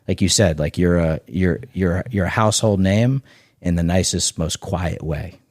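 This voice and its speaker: Brief: deep-voiced man, punchy and conversational, dry close sound, repeats himself. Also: normal speed, a little mellow, no room sound. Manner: emphatic, restarts and repeats words; swears casually. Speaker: guest, snack bar founder. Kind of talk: casual podcast chat.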